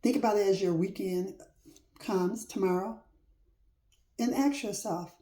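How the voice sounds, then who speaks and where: A woman with a mellow, medium-pitched voice speaks unhurriedly in an informal, faith-driven motivational talk. Her cadence is emphatic and repetitive like a preacher's, her phrasing down-home and casual, and the recording carries a roomy echo.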